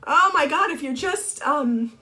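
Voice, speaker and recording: A woman's voice: high-pitched, expressive, pushed and bright. Tearful woman talking through tears. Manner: tearful, halting, with many restarts. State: crying. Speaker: blogger and TV co-host. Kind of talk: emotional Facebook Live monologue. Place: home office.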